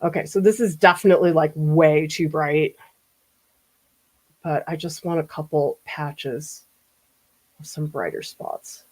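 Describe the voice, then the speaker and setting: Speaking in a low, slightly mellow voice, this woman takes her time and pauses often, captured on a rough recording. She's a middle-aged art teacher from around Boston, laughing and chatting casually as she paints live, thinking out loud along the way.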